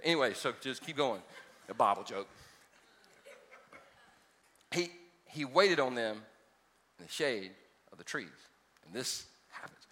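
Preacher guy telling jokey stories then pushing hard, bright voice, big echoey church. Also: medium pitch, animated, measured pace, long pauses. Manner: folksy, joking, builds to emphatic preaching. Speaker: pastor. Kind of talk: sermon with storytelling. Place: large church hall. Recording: reverberant church hall.

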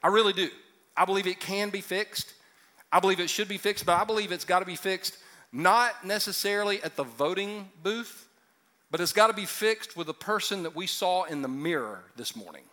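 A pastor in his fifties preaches to a live congregation in a loose, joking way, then drives his points home with emphasis. His voice sits high for a man and has a bright, ringing edge. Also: normal speed. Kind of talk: sermon. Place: church hall with audience.

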